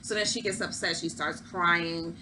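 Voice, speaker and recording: A woman's voice: fairly low pitch, steady tone, normal speed, pushed and bright, slight background noise, poor audio. A woman hosting a casual recap of a reality show, chatty and opinionated, with lots of fillers. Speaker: host.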